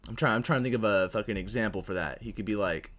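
A young man co-hosting a casual podcast, rambling and swearing freely as he pitches ideas. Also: fast. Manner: profane, rambling, animated. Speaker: co-host.

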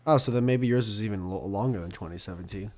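A man hosting a casual podcast chat, rambling and swearing as he pitches an idea, often laughing at himself. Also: fast, darkish tone. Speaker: podcast host.

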